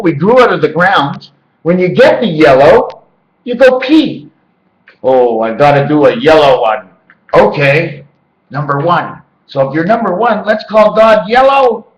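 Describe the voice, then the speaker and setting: A man's voice: high-pitched, big pitch swings, unhurried. A man rambling to his handheld camera indoors at home, jumping between loose word and number associations. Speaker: vlogger. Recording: echoey, dull lo-fi camera audio.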